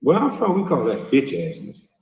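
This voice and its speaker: Profane ranting man, pitch swinging wildly. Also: huge pitch swings, normal speed, a little mellow, recorded from a distance. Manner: profane, mocking, scolding. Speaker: livestream host. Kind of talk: heated reaction rant. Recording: echoey, from off-mic.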